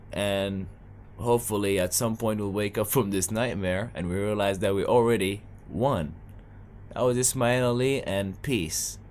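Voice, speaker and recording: A man's voice: on the low side, darkish tone, a little hiss or hum. A young Sudanese man performing a stand-up comedy set, telling stories in a loose, chatty way. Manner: loose, conversational storytelling with playful asides.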